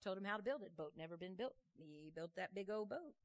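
A woman preaching a sermon, telling a story in a lively, conversational way, with folksy phrasing and questions tossed to the congregation. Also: mid-range voice, a little fast. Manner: animated, conversational, asks the crowd questions.

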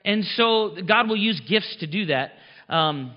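A man's voice: sits high, lively intonation, unhurried. A pastor preaching a sermon in a conversational, emphatic way, chuckling at his own lines. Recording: long reverb, dull muffled sound.

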